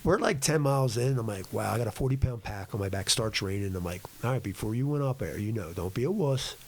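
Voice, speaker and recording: A middle-aged man as a podcast guest, telling stories in a rambling, gruff and blunt way. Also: on the low side, animated, fast talker. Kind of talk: casual chat.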